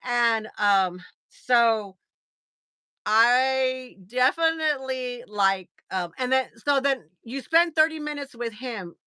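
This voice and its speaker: A middle-aged American woman hosting a livestream, telling a story in a casual, animated way, laughing often and acting out what people said. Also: fairly high pitch, slow pace, clear, resonant tone, no echo. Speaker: livestream host.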